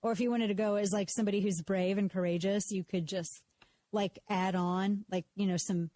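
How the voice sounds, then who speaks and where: A woman's voice: mid-range voice, fairly even intonation, fairly quick, mellow. A woman hosting a live talk radio show, talking casually and sarcastically, often breaking off and restarting her sentences. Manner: sarcastic, mocks others in put-on voices; self-interrupting, repeats words when restarting. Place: radio studio.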